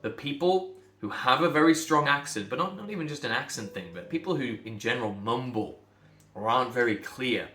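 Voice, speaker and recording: A man from England, a speech coach, talking bluntly and emphatically to camera, sometimes building to loud outbursts. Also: medium pitch, expressive, fairly quick, reverberant.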